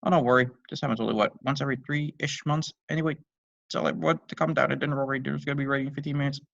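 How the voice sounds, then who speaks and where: A man voicing an excitable, goofy middle-aged father who cooks clumsily, talking eagerly and upbeat. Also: rapid-fire, vocal fry, no room sound, dull audio. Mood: eager cheerful. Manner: eager and upbeat, squeaky when hurt.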